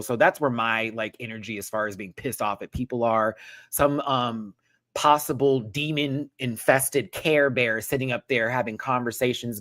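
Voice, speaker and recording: A man's voice: mid-range voice, sharp tone, no echo, rough recording. A young man hosting a casual live review, dramatic and swearing, acting out what people said with lots of laughter. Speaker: host reviewing a reality show.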